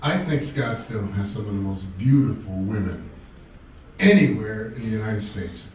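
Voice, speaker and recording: A man doing a stand-up comedy set on a club stage, animated and playful, with audience laughter around him. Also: on the low side, moderate pace, a little hiss or hum. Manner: animated, playful delivery with quoted voices. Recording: roomy club sound from a distant mic.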